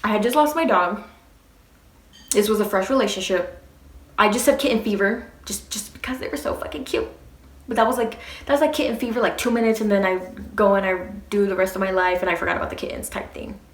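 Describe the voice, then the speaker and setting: A young woman vlogger telling a casual storytime, animated and swearing freely as she acts out what people said. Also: medium pitch, fast, reverberant.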